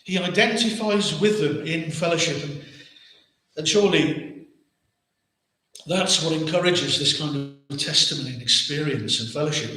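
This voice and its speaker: A pastor with an English accent preaches earnestly, leaning on rhetorical questions and repeated words. His pitch is fairly high and sharp, with a little hiss or hum in the very echoey church hall recording.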